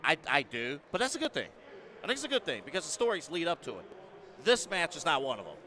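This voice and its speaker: A man's voice: a little high, huge pitch swings, bright, forceful tone. A man co-hosting a wrestling podcast, leading the segments in casual, emphatic chat. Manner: leads segments, deliberate and emphatic. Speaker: podcast co-host.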